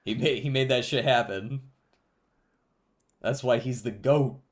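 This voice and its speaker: A man casually commenting on his gameplay to a live chat, relaxed and laughing often. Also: mid-range voice, measured pace. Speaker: streamer.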